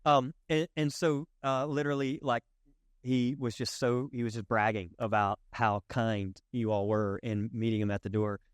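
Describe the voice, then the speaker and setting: A man's voice: mid-range voice, flat delivery, normal speed, smooth, no echo. A middle-aged man preaching as a pastor, telling stories in a loose, conversational way and turning to the congregation with asides. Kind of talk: sermon. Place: church sanctuary.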